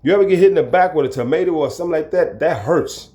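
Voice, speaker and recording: Mellow-voiced man telling a prison story. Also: on the high side, quick pace. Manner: animated, acts out the people in his story, chuckles. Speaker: storyteller recounting his prison time. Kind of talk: casual spoken storytelling to camera.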